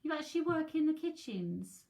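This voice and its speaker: A woman's voice: sits high, very animated, normal speed, darkish tone. An English woman giving a live tarot reading from home, chatty, talking to viewers by name and often repeating her words. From England. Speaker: psychic tarot reader.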